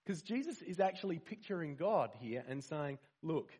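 A man preaching to a congregation in a relaxed, conversational way. His voice sits a touch high for a man and has a husky, slightly breathy edge. He keeps asking the room questions and leans hard on the words he wants to land. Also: normal speed. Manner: conversational, rhetorical questions, animated emphasis. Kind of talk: sermon.

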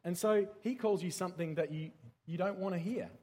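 A man's voice: high-pitched, fairly quick, darkish tone, husky. A man with an Australian accent giving a playful, interactive teaching talk to a group, quizzing his listeners and getting them to repeat key words.

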